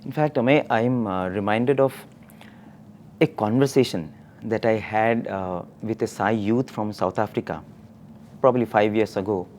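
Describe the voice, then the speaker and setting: A man telling a devotional story in a conversational discussion, quoting others and laughing softly. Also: on the low side, moderate pace, a little hiss or hum. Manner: storytelling with quoted dialogue and soft laughs.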